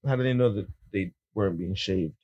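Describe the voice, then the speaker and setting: A man's voice: low-pitched, a little fast, husky, no room sound, highs cut off. A man co-hosting a casual podcast who cuts in with sarcastic jokes. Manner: sarcastic, jokey interruptions. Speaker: podcast co-host. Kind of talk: casual chat.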